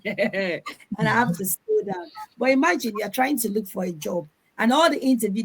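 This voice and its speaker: Animated woman panelist. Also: a little high, moderate pace, husky, poor audio. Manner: animated, acts out quoted voices. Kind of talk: panel Q&A answer.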